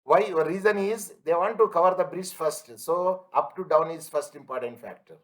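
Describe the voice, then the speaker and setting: A man's voice: on the high side, normal speed, a bit bright, poor audio. A man teaching an online class, repeating his points and asking students if they follow. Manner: everyday analogies, emphatic. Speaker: lecturer.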